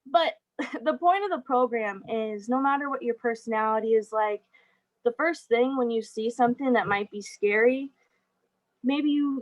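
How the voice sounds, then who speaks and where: A woman's voice: on the high side, poor audio. Chatty young woman giving a talk. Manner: chatty, laughs often, many fillers. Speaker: guest speaker. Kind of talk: casual presentation over a video call.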